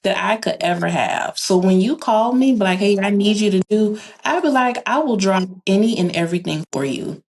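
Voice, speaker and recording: Woman, podcast guest, casual chat, animated storyteller, mid-pitched voice. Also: normal speed, hardly any pauses, a little hiss or hum. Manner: animated storyteller who acts out quoted dialogue.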